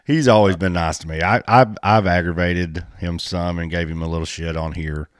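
A man's voice: sits low, fairly even intonation, moderate pace, no room sound, studio quality. A man, hosting a casual chat in a blunt, joking, folksy way. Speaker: podcast host. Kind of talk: casual chat about off-road racing.

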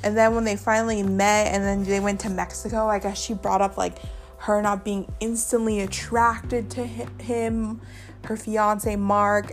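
A woman hosting a podcast, recapping a reality show in a chatty, gossipy way, acting out what people said. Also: medium pitch. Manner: chatty, gossipy recap with fillers and quoted reactions. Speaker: podcast host. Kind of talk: casual chat.

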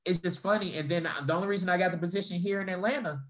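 A man's voice: high-pitched, rapid-fire. A young man casually telling personal stories in conversation, swearing freely and acting out the people he quotes. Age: young adult. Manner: animated storytelling, swearing, acting out quoted voices. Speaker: storyteller in a conversation. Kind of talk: casual chat.

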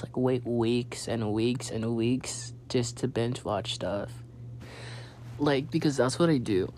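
A man's voice: mid-range voice, a little mellow, slight background noise. A young man hosting a casual solo podcast, rambling with many fillers and restarts. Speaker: podcast host.

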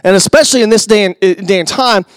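This middle-aged pastor preaches in a fairly high voice, fast and smooth, speaking conversationally with asides to his congregation. He drops from loud emphasis into hushed near-whispers, and the recording is dry and close with little room echo.

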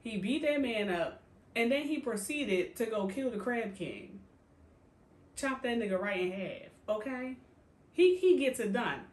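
A woman's voice: on the high side, a little slow, roomy sound. A woman co-hosting a podcast in casual, slangy chat, telling a story with lots of laughter and acted-out quotes. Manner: animated storyteller, acts out quoted characters; slangy, profane, laughs often. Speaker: podcast co-host. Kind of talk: casual chat recapping a TV show.

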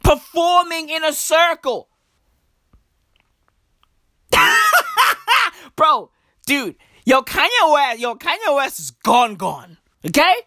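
A woman's voice: high-pitched, sing-song, measured pace, a bit bright, no echo, studio quality. A woman from Africa delivering a comedic rant monologue, profane and emphatic, peppered with slangy asides. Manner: profane, emphatic, slangy, repeats "bruv" and "broski".

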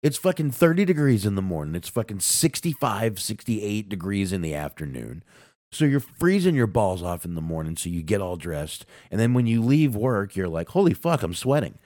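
A man co-hosting a casual wrestling podcast, talking profanely and excitably while he has a sinus cold. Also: lowish voice, normal speed, dry recording, studio quality. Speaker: podcast co-host.

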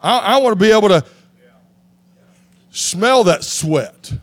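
High-voiced pastor preaching. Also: male voice, slow, dry recording. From Texas. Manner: animated, shouting at peaks. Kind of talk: sermon.

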